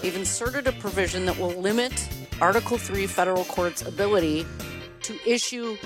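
A woman's voice: medium pitch, normal speed, over music. A woman from Wisconsin answering listener questions as a political commentator, in an emphatic, detailed, earnest way. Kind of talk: explanatory talk.

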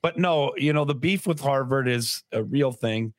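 A man's voice: mid-range voice, normal speed, no room sound, studio quality. A man co-hosting a podcast in casual chat, rambling and sarcastic. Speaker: podcast co-host.

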